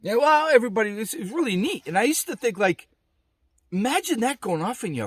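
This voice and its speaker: A man casually telling a personal story to camera, animated and rambling, with lots of restarts and fillers. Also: high-pitched, fairly quick, slightly rough, no room sound. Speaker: gear reviewer telling his accident story. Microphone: small camera mic.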